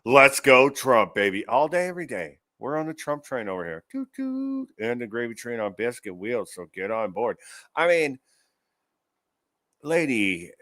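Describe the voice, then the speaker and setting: A man's voice: mid-range voice, expressive, moderate pace, sharp tone, dry recording. A man hosting an online commentary show, ranting angrily about news clips with profanity and sarcasm. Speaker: show host.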